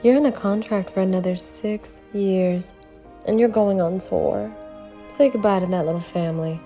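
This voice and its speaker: A woman's voice: medium pitch, steady tone, moderate pace, mellow, faint music behind, close to an everyday voice. A woman voicing a bossy talent manager who controls a star's career, in a cold, dismissive way. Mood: stern.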